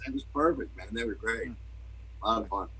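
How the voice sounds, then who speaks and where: A man's voice: lowish voice, brisk, pushed and bright, slightly rough, low-quality recording. A man co-hosting a podcast, chatting casually and telling laid-back stories. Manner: laid-back storyteller, playful impressions. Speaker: podcast co-host. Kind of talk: casual chat.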